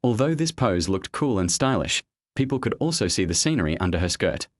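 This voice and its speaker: Low-voiced male audiobook narrator. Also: very animated, brisk, dry recording. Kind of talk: audiobook narration of a web novel.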